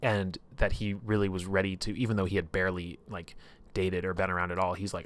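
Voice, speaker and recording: A man's voice: sits low, level tone, a little fast. A man casually retelling a story on a livestream, rambling and swearing often.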